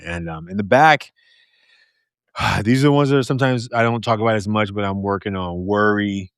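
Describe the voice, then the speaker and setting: Man, podcast host, loud projecting voice, low pitch, expressive casual chat, dry close sound. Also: normal speed, clear, resonant tone, no room sound. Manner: animated and expressive, laughs often. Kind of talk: casual conversational interview.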